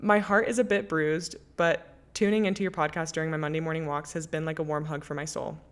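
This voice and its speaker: A woman's voice: sits low, steady tone, fast talker. A young woman hosting a podcast in casual chat, reading listener letters and answering in a candid, chatty, emphatic way with plenty of swearing. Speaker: podcast host.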